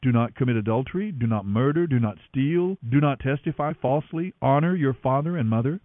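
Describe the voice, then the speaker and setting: An earnest, measured male teacher, gentle yet firm, as a man reads him out with a lively rising and falling delivery. The sound is dry and narrow, like a phone line. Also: medium pitch, dry recording, natural voice.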